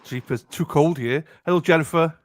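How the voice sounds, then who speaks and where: A man's voice: on the high side, normal speed, no room sound. A man co-hosting a live stream, upbeat and affectionate, reading viewers' names and comments aloud. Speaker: co-host. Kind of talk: casual live stream chat.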